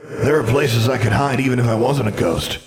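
A man voicing the ghost of an aging wizard in a fantasy audiobook, speaking softly and kindly, trying to placate. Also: medium pitch, normal speed, crowd noise, pitched above the performer's own voice, lightly acted. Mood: calm, pleading. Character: gentle regretful ghost of an aging male wizard.

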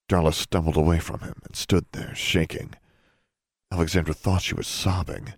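A man narrating a fantasy audiobook in a measured, suspenseful storytelling manner. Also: deep voice, flat delivery, no room sound, studio quality.

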